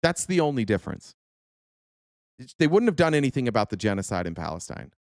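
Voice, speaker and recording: A man's voice: mid-range voice, big pitch swings, brisk, a little mellow, no room sound, studio quality. A man hosting a political commentary show, ranting in a heated, profane, sarcastic way. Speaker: host.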